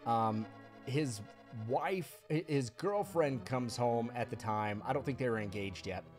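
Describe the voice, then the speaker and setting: A man's voice: medium pitch, measured pace, darkish tone. A man streaming a video game, telling a long story in casual chat, rambling and laughing with plenty of fillers. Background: faint video game music.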